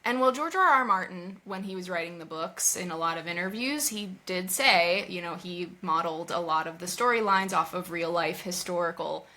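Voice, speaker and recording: A woman's voice: fairly low pitch, animated, fairly quick, hardly any pauses, pushed and bright. A woman co-hosting a podcast, chatting casually about a TV show with many fillers and restarts. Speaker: podcast co-host. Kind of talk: casual chat.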